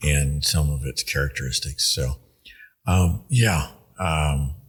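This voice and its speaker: A man, a winemaker guest on a podcast, speaks in a measured, unhurried way with many pauses and ums. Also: rumbling low, breathy edge. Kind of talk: casual podcast conversation.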